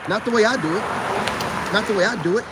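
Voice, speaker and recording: Background noise accompanies a man with a high voice who talks fast. He's a self-proclaimed spiritual advice vlogger giving a casual, boastful and preachy monologue to camera. He speaks straight to his viewers as brothers, repeating his points.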